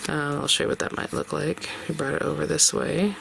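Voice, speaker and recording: A chatty crafter walks through a project step by step, thinking aloud as the work goes. The voice has a heavy gravelly fry at a middle pitch. A steady noise hums behind it. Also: brisk. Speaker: craft tutorial host. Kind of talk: casual step-by-step craft tutorial.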